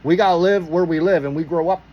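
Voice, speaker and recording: A man from Pittsburgh telling a story casually, animated and profane, acting out the dialogue. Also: on the high side, fast, muffled recording, slight background noise.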